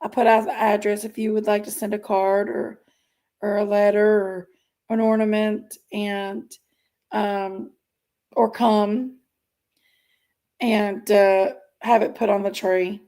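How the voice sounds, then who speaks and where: Woman, livestream host, unhurried delivery, chatty, reads comments aloud. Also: medium pitch, level tone, warm tone. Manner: chatty, reads out viewer comments and greets them. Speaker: livestream host reading chat. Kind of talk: casual livestream chat.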